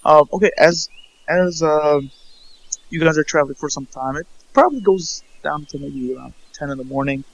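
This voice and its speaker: A man narrating a tabletop game as game master, halting and restarting often. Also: a little high, animated, vocal fry, lo-fi sound. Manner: halting, full of fillers and restarts.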